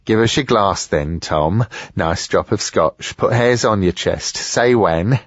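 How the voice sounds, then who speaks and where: A man's voice: lowish voice, slow, no echo, dull audio. A man voicing a greedy, sly older antique dealer who wheedles and mutters sourly.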